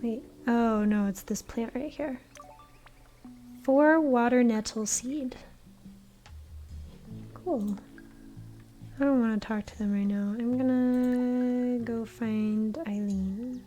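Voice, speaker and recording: A woman's voice: a little high, takes it slowly, pauses often, faint music behind. A woman streamer commenting casually as she plays through a game. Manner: relaxed, wondering aloud.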